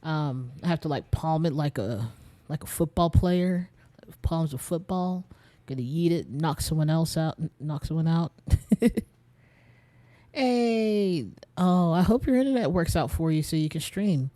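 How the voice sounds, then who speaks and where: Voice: medium pitch, normal speed, dark tone. A young adult game streamer, a bit tired and short of breath, rambling in casual chat straight to viewers while playing.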